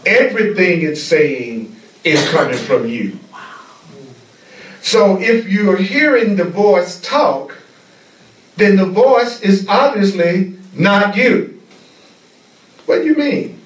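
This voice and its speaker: A man teaching a spiritual class, speaking slowly and deliberately and repeating key phrases for emphasis. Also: sits high, expressive. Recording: echoey room, mic at a distance.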